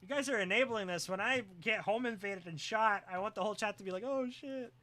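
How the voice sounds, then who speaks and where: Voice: medium pitch, fast, pushed and bright. A live streamer chatting casually with viewers, joking, teasing and often breaking into laughter.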